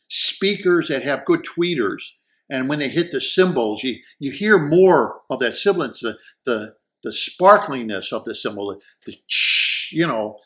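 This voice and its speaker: A man's voice: fairly high pitch, a bit bright. A man giving a casual, enthusiastic audio gear review, rambling and repeating words as he searches for the right ones. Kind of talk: casual product review talk.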